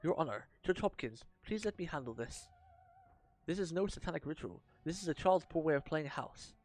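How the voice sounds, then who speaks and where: Brief: male reader doing a soft-spoken, reassuring young man, faint music behind. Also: fairly high pitch, lively intonation, normal speed, voice pushed up. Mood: earnest.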